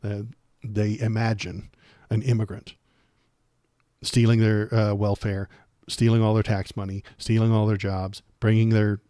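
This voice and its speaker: A man with a fairly low voice hosts a political livestream, recorded close and dry. He rambles sarcastically, stumbling over restarts and fillers as he riffs. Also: little pitch movement, unhurried, warm tone, no echo. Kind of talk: casual political commentary.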